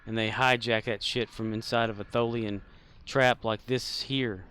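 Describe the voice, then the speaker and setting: A man's voice: fairly low pitch, steady tone, a little slow, pushed and bright, a little hiss or hum. A man streaming a space game, chatting casually in a rambling, joking way full of fillers. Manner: rambling, jokey, filler-heavy. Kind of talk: casual gameplay commentary.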